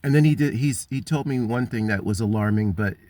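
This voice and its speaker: Male vlogger, lowish voice, dry close sound, rambling and upset. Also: a little fast, a little mellow, dry recording. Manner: frustrated, wandering, many ums and restarts. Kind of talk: rambling personal story.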